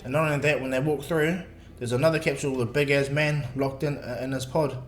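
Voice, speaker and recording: A man's voice: mid-range voice, steady tone, fast talker. A man casually narrating a fan-made story, rambling with restarts and fillers. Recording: echoey room, faint music.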